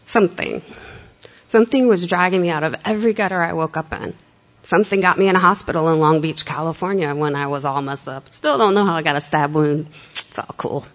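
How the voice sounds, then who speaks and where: A woman's voice: low-pitched, brisk. A middle-aged woman telling her recovery story candidly, blunt and self-mocking, swearing freely and acting out dialogue. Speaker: speaker sharing a recovery story.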